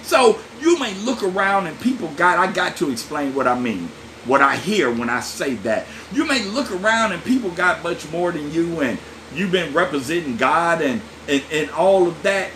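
A man preaching a sermon as a pastor, folksy and lively, talking straight to his listeners with laughs and asides. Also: on the high side, normal speed, slight background noise.

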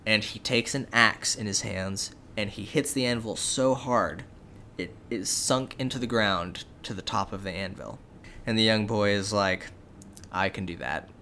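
A young man casually retelling a fairy tale as a podcast co-host, with relaxed, jokey asides and frequent fillers. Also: fairly low pitch, measured pace, a little hiss or hum.

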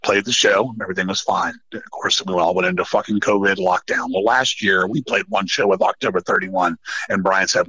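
A middle-aged man telling stories in a casual podcast chat, swearing often and rambling in an animated way. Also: deep voice, brisk, slightly rough, no room sound, dull audio. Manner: profane, animated, rambling storyteller. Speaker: podcast guest, metal musician.

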